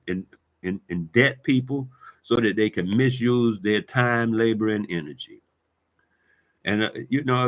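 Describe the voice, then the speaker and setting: A vlogger with a mid-range, slightly bright voice delivers a heated, profane rant to camera. He uses loose street talk and keeps circling back over the same points.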